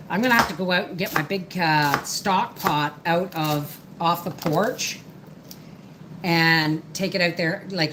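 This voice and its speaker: Slow, chatty homestead woman. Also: on the low side, background noise. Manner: rambling, chatty, reads out viewer comments. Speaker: homestead livestream host. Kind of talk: casual live-stream chat while working.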